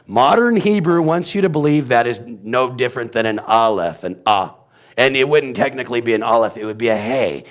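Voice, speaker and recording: A man's voice: medium pitch, a little fast. A man giving an informal Bible teaching, sounding out letters aloud and wandering into asides. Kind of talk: informal teaching on Hebrew pronunciation.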